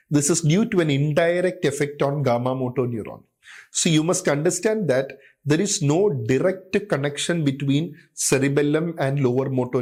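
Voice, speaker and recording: A man's voice: a little high, a little mellow. A man giving a clinical medicine lecture. He often says "okay" and "uh" and repeats key terms to drive them home.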